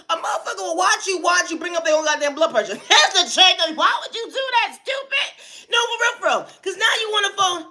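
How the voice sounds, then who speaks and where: A woman giving a spoken-word motivational monologue, emphatic and repetitive, chanting short refrains and breaking into loud, laughing, profane rants. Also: extremely high pitch, animated, quick pace. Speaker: vlogger.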